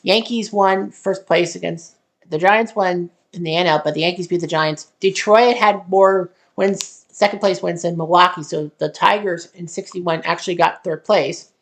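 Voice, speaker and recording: A woman with a low, gravelly voice hosts a casual walkthrough of a simulated sports tournament. She rambles, thinks aloud and keeps correcting herself mid-sentence. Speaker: channel host.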